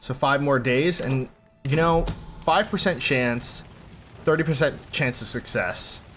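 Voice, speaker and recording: A man's voice: mid-range voice, measured pace, a bit bright, soft background music. A young man hosting a role-play game playthrough, reading game text aloud and commenting with chatty enthusiasm. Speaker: gaming channel host.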